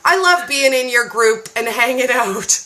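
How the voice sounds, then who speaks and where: Bright, high-voiced excitable woman. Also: measured pace, slight background noise. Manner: excitable, animated storyteller. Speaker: guest cookbook reviewer and keto creator. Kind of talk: casual chat.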